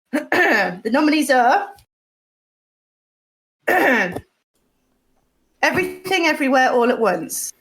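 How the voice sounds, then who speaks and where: A woman's voice: high-pitched, sing-song, takes it slowly, pauses often, fairly bright tone, slight background noise, low-quality recording. A woman presenting a comedy award on a live podcast, playful and crude.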